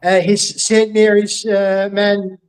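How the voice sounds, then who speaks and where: A man's voice: high voice, little pitch movement, slow pace, clear, resonant tone, poor audio. An Irish man hosting a podcast in casual chat, joking and bantering with his guests. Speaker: podcast host.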